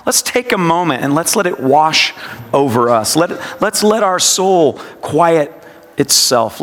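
A man leading a quiet, meditative sermon, his somewhat high voice drawn out slowly and reflectively. The words ring with a long reverb, as if spoken in a large hall. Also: creaky. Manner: slow, reflective, repeats lines with shifting emphasis. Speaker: pastor. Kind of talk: devotional sermon with guided scripture meditation.

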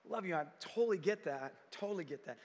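A man voicing Jesus as a gentle, loving, comforting figure, speaking softly and intimately. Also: sits high, expressive, brisk, long reverb tail, voice pushed down. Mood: tender. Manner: hushed, soft and intimate.

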